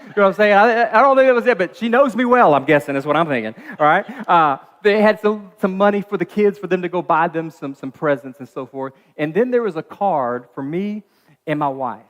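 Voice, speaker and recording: A male pastor preaches from a church stage into a stage microphone, and his voice rings with the long reverb of the hall. He sits a little above the usual pitch for a man and talks in a chatty, animated way, full of asides and restarts. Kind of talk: sermon. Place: dark church auditorium.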